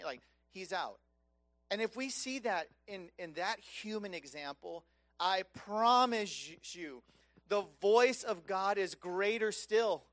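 A man preaching a sermon, impassioned and conversational, swinging between loud emphatic peaks and soft hushed lows. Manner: conversational, casual asides.

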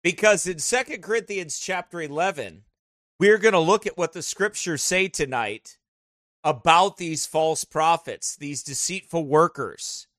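A man opens a sermon in an excitable, rambling way. His voice is bright and slightly high, and the sound is dry and close. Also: unhurried, dry recording. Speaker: preacher.

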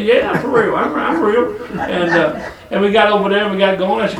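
A man's voice: high voice, big pitch swings, fairly quick, few pauses, a bit bright. An older man from Detroit preaching a folksy, colloquial sermon full of rambling stories and chuckles. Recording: echoey hall from far off.

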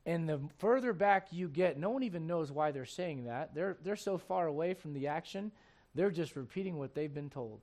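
A man preaching a sermon, chatty and repetitive with asides to the listeners, swinging from hushed tender passages to loud shouting bursts. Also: fairly high pitch, expressive, moderate pace. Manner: repeats words, folksy asides to the congregation.

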